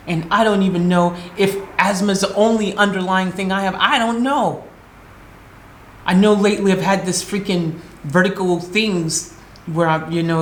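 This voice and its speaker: A woman's voice: mid-range voice, slight background noise. An American woman vlogging, telling an upsetting story in an agitated, emotional way and acting out her own replies. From United States. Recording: roomy echo.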